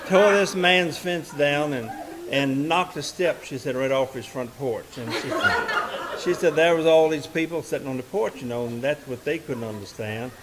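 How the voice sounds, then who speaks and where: A man's voice: medium pitch, normal speed, background noise. A man, a musician and bandleader telling a story to a live audience from the stage. He talks in a folksy, rambling way, with lots of "and, uh" restarts.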